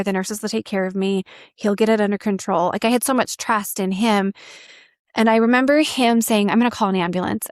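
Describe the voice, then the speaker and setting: Woman in her thirties, podcast guest, candid storytelling, rambling with fillers, medium pitch, dry close sound. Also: no echo. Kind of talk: personal storytelling.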